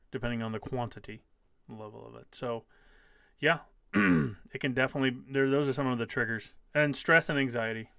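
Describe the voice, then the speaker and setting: A man's voice: medium pitch, gravelly, pushed and bright, no echo, clean studio sound. A man in his fifties hosting a casual live stream, reading viewer comments aloud and answering them emphatically, often repeating key phrases. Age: 50s.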